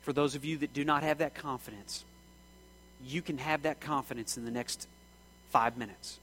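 A man preaching a sermon with passion, his voice swinging from shouting to hushed and back. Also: medium pitch, fairly even intonation, moderate pace, faint music behind, low-quality recording.

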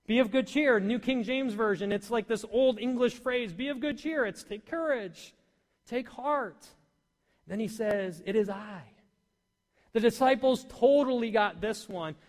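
A man preaching a sermon to a congregation, animated and full of questions to his listeners. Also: very high voice. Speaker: pastor. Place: church hall. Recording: long hall reverb.

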